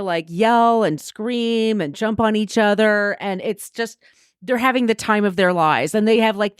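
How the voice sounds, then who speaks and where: A woman's voice: medium pitch, smooth, no echo. A chatty woman retells a picture book in casual podcast talk, laughing often. Her voice sits in a middle register. The recording is close and dry, with no room sound.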